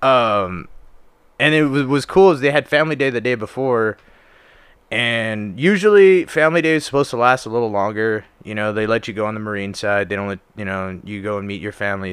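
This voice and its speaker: A man's voice: lowish voice, fairly quick, fairly bright tone, clear, resonant tone, no echo. A young man casually telling stories on a podcast, laid-back and full of swearing and fillers. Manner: profane, laid-back storytelling with lots of fillers. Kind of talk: casual chat.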